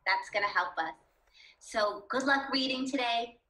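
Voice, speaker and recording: Slow, bright-voiced woman teacher. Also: fairly high pitch, echoey room, low-quality recording. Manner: slow, encouraging, asks the class questions. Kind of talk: reading lesson for children.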